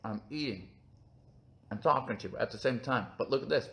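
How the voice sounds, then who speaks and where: A man's voice: mid-range voice, brisk, gravelly, fairly bright tone. A man hosting a casual live stream, chatting in a goofy, rambling, self-mocking way while eating breakfast, recorded on a phone. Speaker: channel host.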